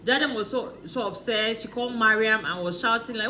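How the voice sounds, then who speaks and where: A woman's voice: a little high, a little fast, pushed and bright, slight background noise. A woman chatting through a casual, gossipy recap of a reality show, laughing often and asking rhetorical questions.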